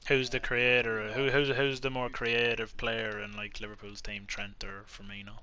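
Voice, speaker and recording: A man's voice: lowish voice, level tone, moderate pace, sharp tone. An Irish man in casual gaming chat, blunt and dismissive, swearing freely. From Ireland. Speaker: gamer in voice chat.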